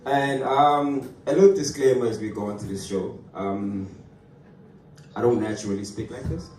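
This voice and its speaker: Young stand-up man with British accent, self-deprecating, distant mic, loud room noise behind. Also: mid-range voice, moderate pace. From Africa. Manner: self-deprecating, chatty, frequent restarts. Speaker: stand-up comedian. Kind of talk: stand-up comedy set. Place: comedy club stage. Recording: echoey room, far mic, crowd noise.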